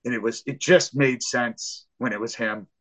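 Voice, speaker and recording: A man talking casually on a sports podcast. He tells his stories with real animation, lets the swearing fly, and acts out the shouts as he goes. His voice sits at an ordinary middle pitch. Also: fairly even intonation, normal speed, low-quality recording. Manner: swears freely. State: hard of hearing. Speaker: podcast host.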